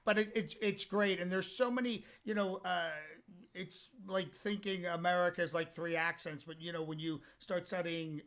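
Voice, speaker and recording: Middle-aged man, american, comedian guest, bright tense voice, slightly high pitch, animated and rambling. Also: moderate pace. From United States. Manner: animated, rambling with many restarts. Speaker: comedian and impersonator. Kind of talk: interview guest chat.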